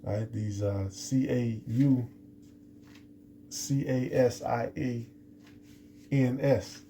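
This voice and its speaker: Very dark-voiced man teaching scripture. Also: medium pitch, slow, vocal fry, slight background noise. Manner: rambling, many restarts and fillers. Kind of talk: unscripted scripture lesson.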